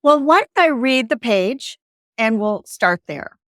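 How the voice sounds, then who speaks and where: A middle-aged woman from the northern United States, talking earnestly and in measured phrases as a podcast guest and reading a page of her own book aloud. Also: on the high side, animated, a bit bright, dry recording, clean studio sound. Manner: earnest, measured, pauses with fillers.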